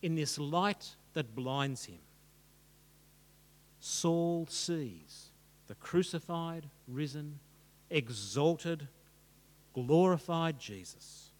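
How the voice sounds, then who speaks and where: A man's voice: fairly high pitch, expressive, very slow, long pauses, big-room sound. A man preaching a sermon in a dramatic, rhetorical style that builds long lists.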